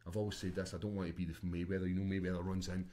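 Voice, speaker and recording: A Scottish man with a fairly low voice, chatting as a guest on a podcast. He tells his stories in an animated, laughing way and swears freely. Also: racing. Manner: animated, swearing storyteller who laughs often. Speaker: guest, mixed martial arts fighter. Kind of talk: casual chat.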